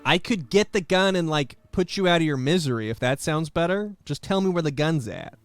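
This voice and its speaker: A young man streaming a game, giving live commentary with sarcastic, deadpan jokes. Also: fairly high pitch, fairly quick, clean tone, soft background music.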